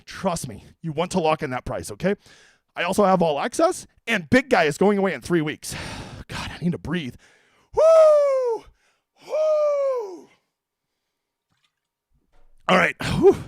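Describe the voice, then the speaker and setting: A man's voice: high-pitched, no room sound, rough recording. A man streaming about fantasy golf, brash and profane, out of breath. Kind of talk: hyped comedic stream talk.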